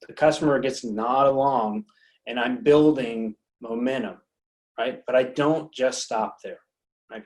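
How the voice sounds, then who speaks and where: A man presenting a sales training session as a consultant, talking in a coaching way, repeating words and checking in with "right?". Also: mid-range voice. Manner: acts out customer dialogue in quick quotes.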